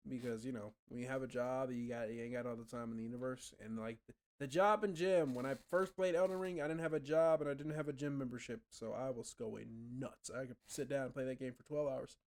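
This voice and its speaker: A man's voice: mid-range voice, fairly quick, few pauses, a little mellow. A young man streaming and chatting casually with viewers, rambling, swearing often and trailing off mid-thought. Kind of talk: casual chat answering viewers.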